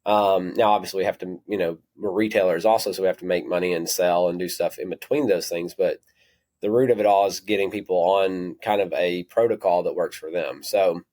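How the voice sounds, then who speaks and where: Southern man, low voice, rambling shop owner guest on a podcast. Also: steady tone, brisk, darkish tone. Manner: rambling, self-correcting, apologetic asides. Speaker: natural products retailer, guest. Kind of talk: conversational podcast interview.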